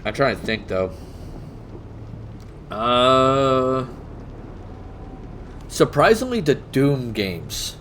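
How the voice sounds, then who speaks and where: Guy rambling in a casual chat, mid pitch, swears a lot, laughs a lot. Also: very animated, very slow, pauses often, fairly bright tone, slight background noise. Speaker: podcast co-host.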